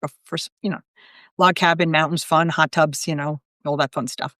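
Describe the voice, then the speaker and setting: A middle-aged woman works as a psychic medium and tells her story in a casual live-video chat, with a slightly low voice. She talks chattily and keeps breaking into asides and quoted self-talk. The sound is dry and close, with no room echo. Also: fairly even intonation, normal speed, fairly bright tone.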